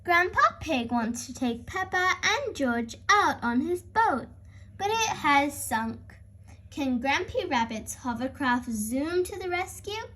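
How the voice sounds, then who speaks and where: A woman hosting a children's read-aloud, narrating a picture book in an expressive way. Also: high voice, slow pace. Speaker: storyteller.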